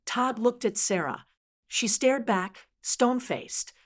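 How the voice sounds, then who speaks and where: A woman's voice: a little high, slow. Woman narrating a dramatic story. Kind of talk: scripted first-person story narration.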